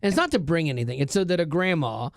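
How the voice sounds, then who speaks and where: Middle-aged male radio host, lively storyteller, slightly high voice, dry studio sound. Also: fast talker, dry recording. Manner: animated storyteller, laughs often, does voices. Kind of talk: casual chat.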